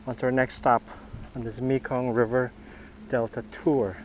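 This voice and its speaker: A man's voice: medium pitch, little pitch movement, moderate pace, heavy background noise. A man filming a casual travel vlog outdoors along a river, talking loosely to the camera with lots of fillers and restarts. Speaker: travel vlogger.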